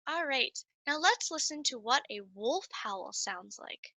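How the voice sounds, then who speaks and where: A woman giving a lively, sing-song nature lesson to young children while playing a coyote mascot. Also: high voice, measured pace, no echo. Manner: animated, sing-song, speaks straight to children.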